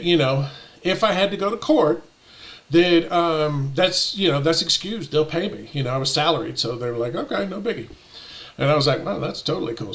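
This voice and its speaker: A man casually telling a personal story, animated and indignant as he acts out the exchanges. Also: fairly high pitch. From United States.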